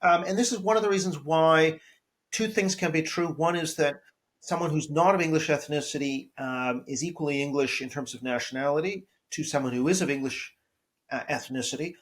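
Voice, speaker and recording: Higher-voiced man, analytical interview guest. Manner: measured, analytical, repeats words while building an argument. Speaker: guest, professor. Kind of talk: podcast interview.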